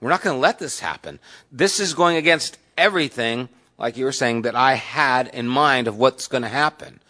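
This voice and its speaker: A man acts out a big, burly fisherman disciple who is sincere to the bone. He pleads and insists in a steady, mid-range voice. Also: medium pitch, moderate pace, natural voice. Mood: earnest pleading.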